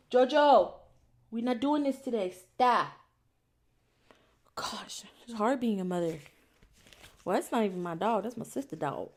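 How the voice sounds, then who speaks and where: A woman's voice: mid-range voice, a little hiss or hum. A young woman vlogger in casual, candid chat, a little out of breath, laughing now and then. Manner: chatty and candid, laughing often. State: a bit out of breath. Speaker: crochet vlogger.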